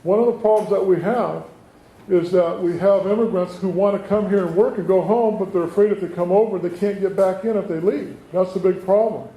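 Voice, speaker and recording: Middle-aged guy politician talking to a town hall crowd, high voice, mellow tone, kinda echoey. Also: steady tone, fairly quick. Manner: forceful, folksy storytelling with rhetorical questions. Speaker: state assemblyman. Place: community meeting room. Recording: echoey room, faint background noise.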